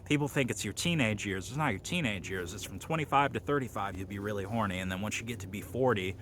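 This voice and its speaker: Bright-voiced rambling man, crude monologue. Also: fairly low pitch, fast, a little hiss or hum. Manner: rambling, crude, heavy on fillers. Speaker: comedy video host.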